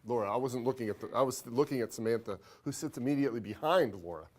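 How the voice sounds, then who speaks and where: A man teaching an accounting class, talking fast and joking with students, his throat dry from talking. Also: mid-range voice, a little mellow. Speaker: accounting instructor. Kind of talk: classroom lecture.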